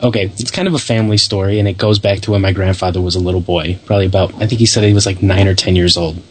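Laid-back low-voiced radio co-host. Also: male voice, fairly even intonation, rapid-fire, darkish tone, breathy edge. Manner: laid-back, swears casually, rambling with many fillers. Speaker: co-host of a paranormal radio show. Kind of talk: casual chat and storytelling.

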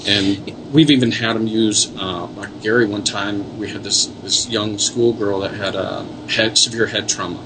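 Low-pitched guy rambling earnestly about spirit stuff, lots of restarts, humming noise behind. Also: steady tone, moderate pace, few pauses. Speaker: paranormal investigator guest. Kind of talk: casual interview talk.

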